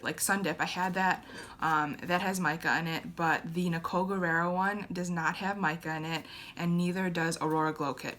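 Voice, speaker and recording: A woman's voice: on the low side, a bit bright, slight background noise. A young woman chatting casually through a makeup review, hesitant, with many fillers and restarts. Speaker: beauty vlogger.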